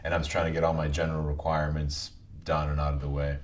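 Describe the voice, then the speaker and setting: Deep-voiced man telling his story. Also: quick pace. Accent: softened New England Italian American. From New England, US. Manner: relaxed storytelling with frequent restarts. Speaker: podcast guest. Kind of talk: conversational interview.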